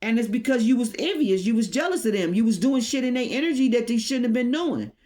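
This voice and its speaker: A woman's voice: on the high side, lively intonation, fast, dark tone. A woman giving a tarot reading, talking straight at the listener in a blunt, profane, confrontational way and often asking "okay?". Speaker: tarot reader.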